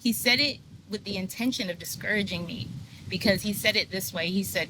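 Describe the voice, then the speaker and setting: A woman's voice: medium pitch, a little fast, pushed and bright, slight background noise, poor audio. A woman telling her personal story as a podcast guest, earnest and frank, with lots of fillers. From United States. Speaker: guest, sound healer. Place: video podcast set.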